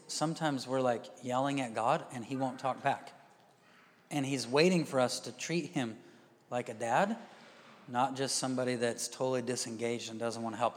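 A male pastor giving a conversational sermon, dropping to quiet asides and rising to loud emphatic bursts. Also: mid-range voice. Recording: reverberant hall.

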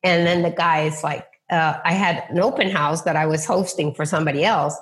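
Speaking fairly quickly in a deep, steady voice, this middle-aged real estate agent shares faith-centered stories in an interview. She acts out quoted voices and frequently starts her sentences over.

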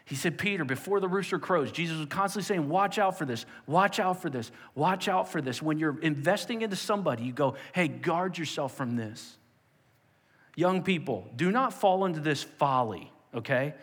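A man preaching with an emphatic sermon delivery, his voice sitting a little higher than most men's. He swings between forceful exhortation and hushed, quiet prayer. The sound carries a long reverb, as in a large hall. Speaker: pastor.

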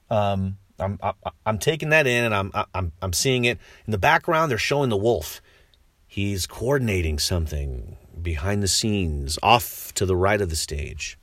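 A man chats through a film review in a rambling way, with lots of restarts and wry asides. His pitch moves in a lively way. The voice sounds close and dry, with no room sound. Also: dry recording. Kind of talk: casual spoken film review.

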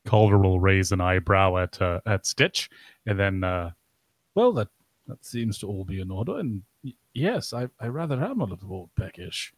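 A man's voice: low voice, animated, normal speed, no room sound. A man player in a tabletop game, narrating his character's actions unhurriedly.

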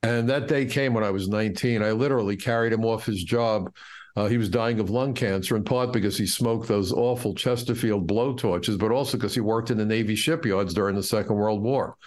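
A man's voice: on the low side, fairly quick, darkish tone. A middle-aged man from the United States, a guest in an interview, telling stories from his life in an impassioned, indignant way. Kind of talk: storytelling in an interview.

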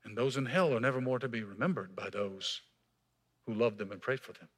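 Preaching as pastor in a church, a man speaks fairly quickly at medium pitch, emphatic and shifting between raised passages and hushed, quiet lines.

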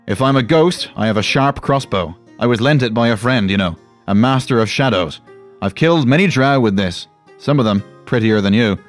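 A man's voice: medium pitch, expressive, normal speed, lightly acted. A man voicing a roguish male dwarf thief who teases with a sly drawl, over faint music. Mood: cocky.

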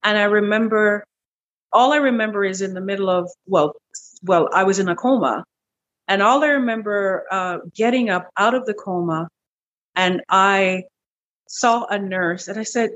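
A middle-aged woman guest in an interview, telling a personal story in a lively, animated way, repeating words as she goes. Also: moderate pace, highs cut off. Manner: animated, breaks into high quoted voices, repeats words. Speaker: interview guest, wellness clinic owner.

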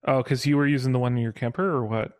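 A man's voice: mid-range voice, fairly even intonation, fast talker, a little mellow, no room sound. A man co-hosting a podcast in a casual chat, steering the conversation back to the topic. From Chicago area. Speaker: podcast co-host. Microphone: home mic over video call.

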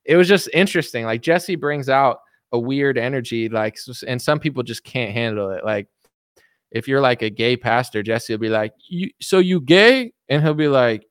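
Rambling young man with a smooth voice. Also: mid-range voice, normal speed, no echo, clean studio sound. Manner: rambling, many fillers, mimics others mockingly. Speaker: political commentary streamer. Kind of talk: casual livestream chat.

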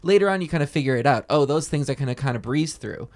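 Animated male podcast co-host. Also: on the high side, fast talker, no room sound. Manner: animated storyteller, acts out quotes in raised voices. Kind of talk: casual chat about a TV show.

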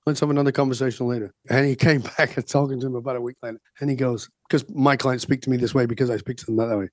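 A man's voice: medium pitch, fairly even intonation, racing, no echo. A man in an interview, a coach telling stories and asking rhetorical questions. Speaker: guest coach. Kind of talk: podcast interview talk.

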